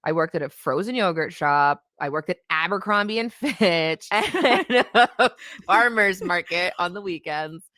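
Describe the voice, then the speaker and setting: A woman's voice: fairly low pitch, lively intonation, unhurried, sharp tone, no room sound, studio quality. A woman from Canada, a guest in a casual interview, telling stories and laughing through them often.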